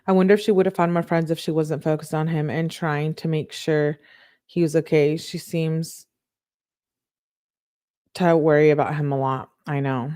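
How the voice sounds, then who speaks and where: A woman's voice: deep voice, fairly even intonation, moderate pace, warm tone, clean tone. A woman talking through a true crime case in a casual, conversational way, thinking aloud as she goes.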